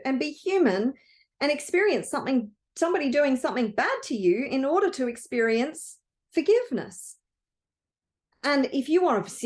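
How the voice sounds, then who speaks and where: Brief: earnest woman coach, heartfelt motivational talk, high voice. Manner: earnest and emotional. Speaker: wealth coach.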